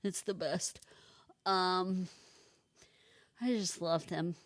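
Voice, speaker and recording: Young woman, podcast co-host, gushing, unhurried, dry close sound. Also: fairly low pitch, fairly even intonation, dry recording. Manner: gushing, warm enthusiasm. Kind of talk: casual chat.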